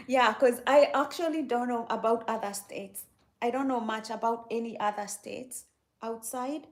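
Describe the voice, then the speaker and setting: A woman's voice: a little high, unhurried. A young woman hosting a casual livestream, chatting easily with her viewers and laughing often. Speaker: livestream host.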